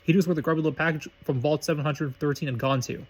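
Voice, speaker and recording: A man reads a story aloud at a brisk clip, now and then stumbling and restarting a phrase. His voice sits somewhat high and moves quickly. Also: steady tone. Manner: brisk reading with slips and restarts. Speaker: reader of fan fiction.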